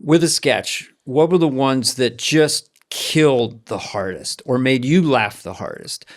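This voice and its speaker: A man co-hosting a podcast, telling stories in an animated way and acting out other people's lines. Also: mid-range voice, measured pace. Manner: animated storyteller, acts out voices. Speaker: podcast co-host. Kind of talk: casual chat, storytelling.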